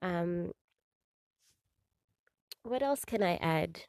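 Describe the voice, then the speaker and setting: A woman's voice: on the low side, lively intonation, extremely slow, vocal fry, a little mellow, no room sound. A woman hosting a faith podcast, talking earnestly from her parked car without a proper microphone, with many fillers and repeats. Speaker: podcast host. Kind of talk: casual faith talk. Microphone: phone or built-in mic, no proper microphone.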